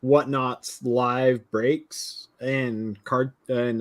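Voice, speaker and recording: A man's voice: medium pitch, unhurried. A man joins a casual livestream chat as a guest, a little drunk and troubled by hiccups. He talks in a loose, hyped way and swears freely, in a mid-range voice.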